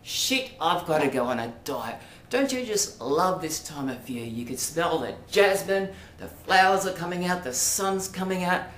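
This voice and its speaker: A man's voice: a little high, expressive, moderate pace, few pauses, fairly bright tone. An Australian man vlogging in a rambling, hesitant monologue full of ums and asides. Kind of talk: casual monologue to camera. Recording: roomy echo, faint background noise.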